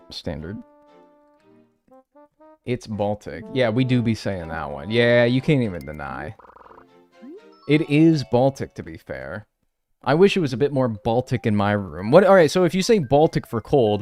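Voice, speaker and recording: A man's voice: fairly low pitch, very animated, normal speed, darkish tone, faint music behind. A man streaming a game live, chatting casually and joking with his chat from his room.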